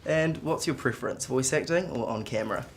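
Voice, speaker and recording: A woman interviewer asking short questions and moving briskly from one to the next. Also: rumbling low. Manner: brief, short questions opening with "right, and".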